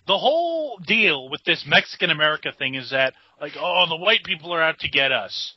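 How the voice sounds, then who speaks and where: Man, blunt exasperated podcast co-host, fairly high voice, dry close sound. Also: very animated, fairly quick, slightly rough, no echo, highs cut off. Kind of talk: casual chat.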